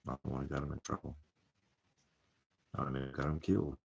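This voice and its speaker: Weary ministry host, very low pitch, rambling vlog monologue. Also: male voice, flat delivery, fast. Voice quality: gravelly, husky. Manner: weary, sighing, drifts between topics. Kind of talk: rambling personal vlog talk.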